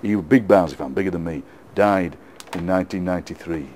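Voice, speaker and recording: A middle-aged man with a Yorkshire accent, a poet being interviewed, telling lively football anecdotes with frequent laughs and repeated words. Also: deep voice, fast, a little hiss or hum. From England. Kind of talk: casual storytelling interview.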